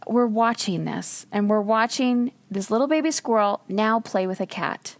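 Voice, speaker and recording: Chatty woman telling a story on her podcast, animated and swearing, dry recording. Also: normal speed, dry recording. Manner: animated, jumps high for quoted exclamations, swears casually. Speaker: podcast host. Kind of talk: casual personal storytelling.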